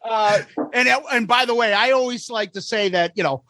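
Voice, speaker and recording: A man's voice: sits high, moderate pace, sharp tone, dry recording. A man co-hosting a music podcast in loose, jokey casual chat, swearing freely. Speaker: podcast co-host.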